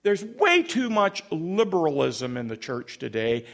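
A man's voice: a little high, very animated, unhurried, fairly bright tone, full character voice. A man voicing a prim older churchwoman who lectures insistently about obedience. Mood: lecturing. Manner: preachy, insistent.

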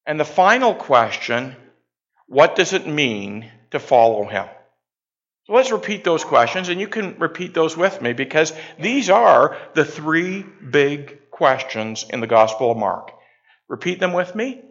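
A man's voice: on the high side, animated, measured pace, fairly bright tone. A male pastor preaching a sermon in a jokey, conversational way, prompting the congregation to repeat after him. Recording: dull lo-fi sound.

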